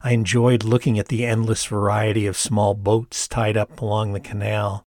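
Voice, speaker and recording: Older guy in his 60s reading his own memoir, calm and reflective, lowish voice, very dry close sound. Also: no echo. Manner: measured, reflective, candid. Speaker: author narrating his memoir. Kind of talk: audiobook narration.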